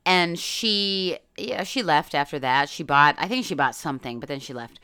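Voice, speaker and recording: A woman's voice: sits low, expressive, moderate pace, bright, forceful tone, clean tone, no room sound, studio quality. A middle-aged woman from New York, a coach hosting her own podcast, chatting casually and telling stories with plenty of fillers and the odd swear word.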